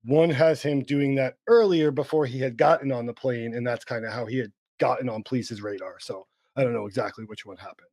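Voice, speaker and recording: A man's voice: medium pitch, fairly quick, few pauses, no echo. A man co-hosting a podcast, telling a story casually from his outline with many fillers and restarts. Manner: relaxed, rambling with many fillers. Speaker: podcast co-host.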